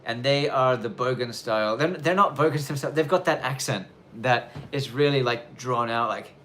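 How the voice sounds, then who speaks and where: A man's voice: mid-range voice, normal speed, a bit bright, a little hiss or hum. A man hosting a live question-and-answer stream, chatting loosely with lots of fillers and restarts. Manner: loose, rambling, many fillers. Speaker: livestream host. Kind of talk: casual live Q&A chat. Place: snowy countryside in Japan.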